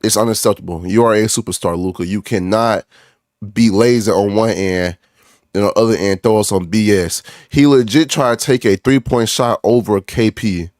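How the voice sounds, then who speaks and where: A man's voice: fairly low pitch, moderate pace, a little mellow, dry recording, clean studio sound. Frustrated young man ranting about basketball. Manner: frustrated, repetitive, calls out players by name, says "bro" a lot. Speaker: basketball fan. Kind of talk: ranting sports reaction vlog.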